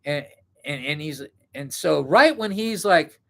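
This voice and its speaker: A man's voice: fairly high pitch, expressive, unhurried, vocal fry, a bit bright. A middle-aged man telling a story in a rambling, casual way, full of fillers and self-corrections.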